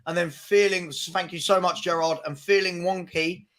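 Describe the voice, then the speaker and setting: A man's voice: high-pitched, fairly even intonation, moderate pace, a bit bright. A British man hosting a charity live stream, chatty, reading out donations and thanking people. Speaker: stream host. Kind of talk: casual chat.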